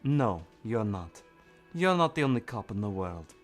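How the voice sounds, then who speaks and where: A stern, tired policewoman from a video game, voiced by a man. Her low, subdued voice stays flat and clipped. Faint music plays underneath. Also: a little slow. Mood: curt.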